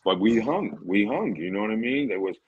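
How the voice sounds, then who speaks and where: A man telling stories on a podcast as a guest in casual chat, lively and often asking "you know what I mean". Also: lowish voice, fairly quick, husky, dull audio. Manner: animated, often acts out quoted voices.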